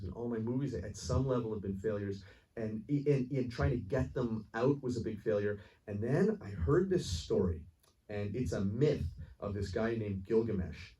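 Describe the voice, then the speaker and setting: A man's voice: mid-range voice, warm tone. A man answering audience questions after a screening, rambling and earnest, with many restarts and frequent laughs. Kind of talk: casual Q&A answer, storytelling. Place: cinema theater with audience. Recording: distant voice, faint noise, live audience room.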